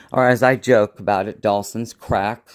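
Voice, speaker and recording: A man's voice: fairly low pitch, steady tone, measured pace. A man who works as a psychic medium, talking to camera in a rambling, casual vlog and often losing his train of thought.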